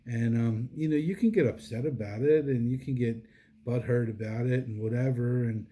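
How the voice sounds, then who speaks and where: A man's voice: medium pitch, normal speed, dark tone. A middle-aged man talking casually and earnestly about his faith, rambling with many fillers and restarts, and sounding tired. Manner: earnest, devotional. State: tired, yawning. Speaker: vlogger. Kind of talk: casual personal monologue.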